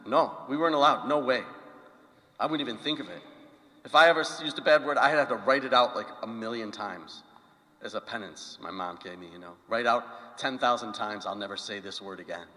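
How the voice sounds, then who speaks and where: Animated priest in a reverberant church. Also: male voice, medium pitch, a little fast. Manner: animated storytelling with questions to the congregation. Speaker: pastor. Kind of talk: conversational homily.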